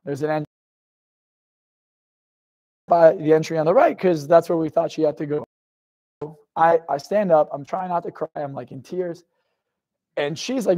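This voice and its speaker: This young motivational speaker, slightly high-pitched with a warm tone, talks at normal speed with long pauses, and the sound is lo-fi. Live before an audience, he tells a raw personal story with intensity, swearing freely and repeatedly asking the crowd questions.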